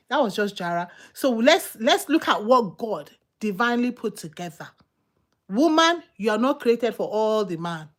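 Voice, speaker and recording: A woman's voice: mid-range voice, fairly bright tone. A woman preaching a sermon, fired up and emphatic, firing off repeated rhetorical questions.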